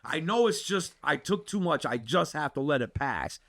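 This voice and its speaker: A man's voice: fairly high pitch, moderate pace, a crowd in the background. A man hosting a podcast, telling a wild story in casual, profane chat, peppered with "dude". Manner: animated, profane, keeps saying dude. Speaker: podcast host.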